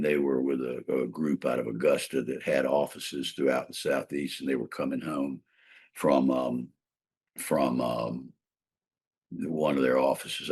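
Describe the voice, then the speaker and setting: A man's voice: a bass voice, breathy edge. An older man, a trial lawyer and mediator, telling a long case story in a casual interview, rambling with fillers and restarts.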